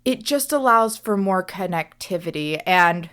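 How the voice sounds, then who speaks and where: A woman's voice: on the low side, lively intonation, unhurried, a bit bright, clear, resonant tone. A young woman hosting a reflective solo podcast as a coach, speaking earnestly and often checking in with "right?".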